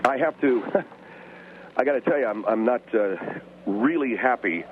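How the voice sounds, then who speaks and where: A male radio host calling in to his own show, speaking in a hesitant, halting way. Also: medium pitch. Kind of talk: comedic radio call. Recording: dull phone line with background noise.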